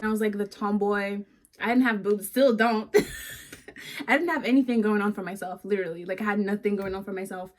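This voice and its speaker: A woman's voice: medium pitch, fairly even intonation, fairly quick, a little hiss or hum. A young woman in her twenties talking candidly with her sister, owning up and chiming in. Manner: candid, confessional, chimes in. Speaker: guest, host's sister. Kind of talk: casual chat.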